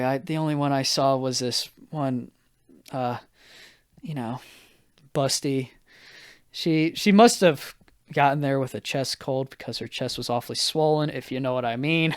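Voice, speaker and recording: A man's voice: on the high side, smooth. A young man hosting a solo podcast, telling a rambling, self-mocking story and acting out what people said in raised voices. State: high and anxious. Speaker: podcast host.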